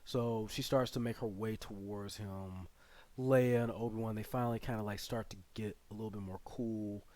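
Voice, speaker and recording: A man's voice: lowish voice, fairly even intonation, moderate pace, darkish tone. A man hosting his channel, casually retelling a show's plot in a rambling way full of fillers and asides. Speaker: channel host reviewing a series. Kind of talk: casual spoken plot recap.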